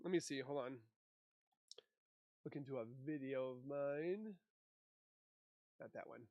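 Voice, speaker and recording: The sound is phone-quality as a man from Minnesota, medium-pitched and measured, hosts an easygoing livestream. He talks into a desk mic, reading viewers' comments out loud and replying to them.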